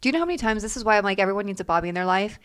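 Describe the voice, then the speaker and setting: A woman's voice: mid-range voice, expressive, very fast, fairly bright tone, clear, resonant tone. A woman co-hosting a casual podcast, reacting with laughs and sharing her own view. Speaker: podcast co-host. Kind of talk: casual chat.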